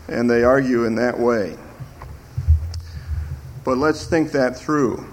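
An older man preaching a sermon as pastor, slow and emphatic, lifting his voice when he quotes scripture. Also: medium pitch.

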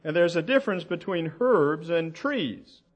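Man preaching, Bible teaching, slow measured delivery, fairly high voice, asks the listeners questions. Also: lively intonation, highs cut off.

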